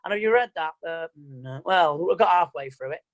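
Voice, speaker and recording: Speaking over a video call, a man acting as a mind coach delivers an online motivational seminar with emphatic, plain, repeated phrasing. He pitches on the high side, sounds animated, moves at normal speed, and the recording quality is low.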